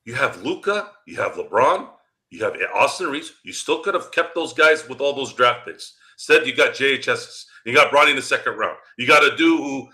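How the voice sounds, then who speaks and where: A man's voice: mid-range voice, sharp tone. A man hosting a sports podcast, delivering a heated, profane rant and jabbing at his critics. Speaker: podcast host.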